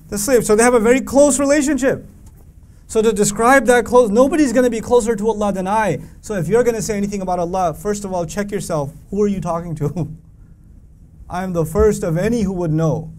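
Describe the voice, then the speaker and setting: A man teaching a Quran lesson to an audience, animated and questioning, reciting Arabic verses between English explanations. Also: high-pitched. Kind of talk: religious lecture to a live audience.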